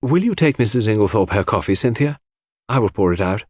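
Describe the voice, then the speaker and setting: A man voicing a calm, gracious woman who hosts the evening in a storybook. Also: lowish voice, fairly quick, dry recording, studio quality.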